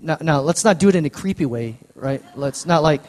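A man preaching a sermon in a church, earnest and slowing down to lean on key words. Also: a little high, expressive, a little mellow. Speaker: pastor. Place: church sanctuary.

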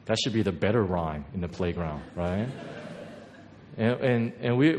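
A man delivers a sermon to his congregation, his voice sitting a little low. He talks it through like a personal story, relaxed and conversational, tossing in "right?" to keep the room with him. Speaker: pastor. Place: church hall before a congregation.

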